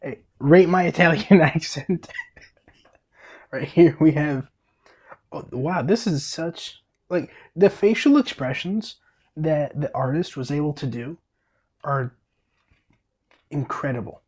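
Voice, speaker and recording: A man's voice: fairly high pitch, animated, slow pace, pauses often, a little mellow, breathy edge. A young man hosting a read-aloud of a picture book, enthusiastic, with stammering restarts and laughing asides. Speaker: storybook reader, channel host.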